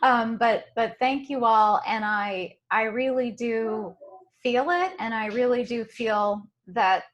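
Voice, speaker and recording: A soft-spoken woman hosts a meditation circle over a video call. She talks slowly in a slightly high voice and laughs easily as she goes. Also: muffled recording. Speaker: meditation group host. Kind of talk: casual group video call.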